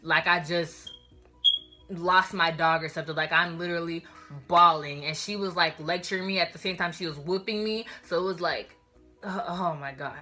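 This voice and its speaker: A young woman telling a storytime vlog in an animated, slangy way, talking straight to her viewers. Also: on the low side, moderate pace, soft background music. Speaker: vlogger.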